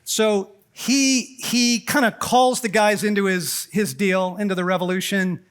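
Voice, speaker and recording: High-voiced, animated man preaching at a conference. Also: unhurried, clear, resonant tone. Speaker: conference speaker. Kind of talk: lively sermon-style talk to a men's conference. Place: conference hall.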